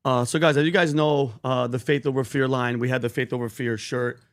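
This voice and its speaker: A man co-hosting a podcast, telling a faith story with animated, preachy conviction. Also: medium pitch, fairly quick. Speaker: podcast co-host. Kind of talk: casual podcast chat.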